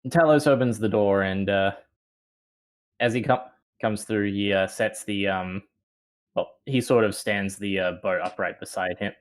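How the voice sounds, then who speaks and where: A man playing a tabletop game, calmly describing what his character does. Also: fairly low pitch, a little slow. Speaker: player.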